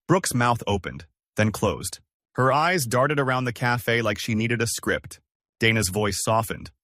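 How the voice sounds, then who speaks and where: A man narrating dramatic relationship stories in a scripted storytelling style, switching to a higher pitch for the women's lines. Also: animated, measured pace, fairly bright tone, no echo, clean studio sound.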